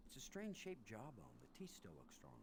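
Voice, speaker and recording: A man's voice: lowish voice, huge pitch swings, normal speed, noisy background. An actor playing a brash, impatient male space commander in an adventure game. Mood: musing. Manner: blunt, dismissive. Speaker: game character, expedition commander. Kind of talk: 1990s adventure game voice acting.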